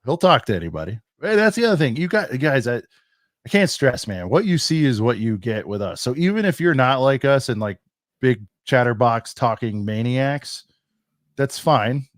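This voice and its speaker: A man's voice: mid-range voice, sing-song, normal speed, no echo, clean studio sound. Rambling, jokey male podcast co-host. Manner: rambling, jokey and self-deprecating. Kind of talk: casual chat.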